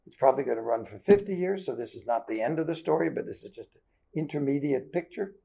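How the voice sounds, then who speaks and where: An older American man, working as a guest lecturer, gives a conversational seminar talk in a lecture hall, walking through his slides and checking in with the audience. His voice is medium in pitch, dark and creaky, with lively intonation and a quick pace.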